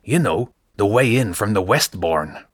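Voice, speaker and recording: A man reads a brawling audiobook rat with a husky Scottish lilt. His voice leaps around in pitch as he relishes the chance to fight. The recording is close and dry. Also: lively intonation, unhurried, dry recording. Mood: eager. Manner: gleeful and bold. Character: eager fight-hungry male rat. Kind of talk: audiobook character voice.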